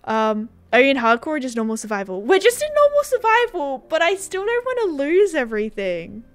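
A woman's voice: high voice, huge pitch swings, brisk. A woman streaming a game live, chatting casually with her chat and giggling often as she plays. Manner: giggly, chatty, talks to chat while playing. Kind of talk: casual gaming livestream chat.

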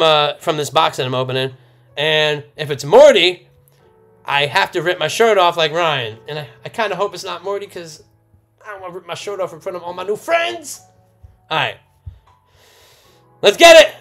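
A young man live-streaming a card opening, loud and swearing, laughing and shouting with excitement. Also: high voice, normal speed, soft background music. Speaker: streamer opening trading cards.

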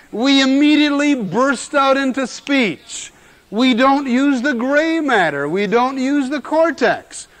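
Guy lecturing w a fairly high voice, repeats stuff for emphasis, old 70s recording. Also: fairly bright tone. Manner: emphatic, repeats key words, dramatic pauses. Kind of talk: lecture on general semantics.

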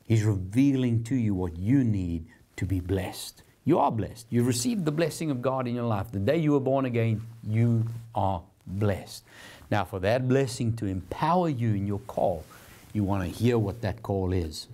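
A man's voice: on the low side, lively intonation, normal speed, warm tone. Earnest male Bible teacher, conversational. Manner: earnest, encouraging, conversational preaching. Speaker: Bible teacher and program host. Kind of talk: televised teaching sermon.

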